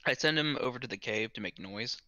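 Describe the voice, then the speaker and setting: A man's voice: mid-range voice, a little fast, sharp tone, no echo. A man playing a tabletop game who gives brief, matter-of-fact replies, heard through a dull lo-fi recording. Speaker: player. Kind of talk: casual chat at a game table. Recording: dull lo-fi sound.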